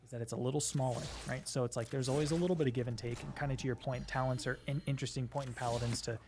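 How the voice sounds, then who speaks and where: A man casually walks through game mechanics in a relaxed, conversational way, leaning on filler words like "like" and "right". A faint noise sits under his voice. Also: mid-range voice, very fast. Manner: relaxed, explains with many likes and rights.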